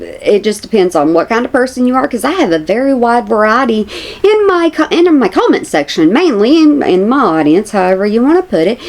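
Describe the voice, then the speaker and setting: A woman, chatting casually to her viewers as a commentary vlogger, repeating herself for emphasis. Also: fairly high pitch.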